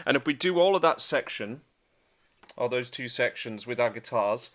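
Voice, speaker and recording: A man teaching a guitar piece in a relaxed, chatty way, with fillers as he explains and counts beats. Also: mid-range voice, moderate pace, slight background noise. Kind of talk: casual instructional talk.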